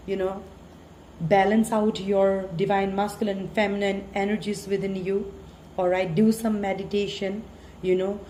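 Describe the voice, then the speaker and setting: Mellow-voiced woman giving a tarot reading. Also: medium pitch, a little hiss or hum. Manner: earnest, pleading, with frequent "you know" fillers. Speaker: tarot reader. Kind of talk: spiritual tarot reading monologue. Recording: echoey room with faint ambience.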